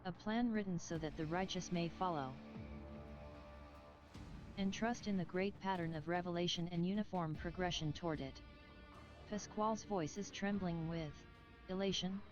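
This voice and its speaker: Low-ish woman narrator, solemn and measured, muffled game sound with quiet music. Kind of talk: scripted narration.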